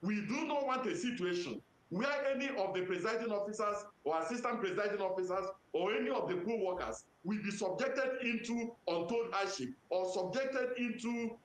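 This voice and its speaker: A man with a Nigerian accent, an electoral commission official giving formal, measured answers to press questions and citing legal sections methodically. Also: high-pitched. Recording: roomy echo.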